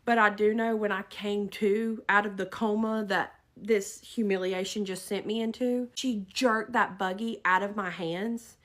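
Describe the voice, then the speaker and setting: A woman giving an animated, dramatic storytime narration. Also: mid-range voice, unhurried, hardly any pauses.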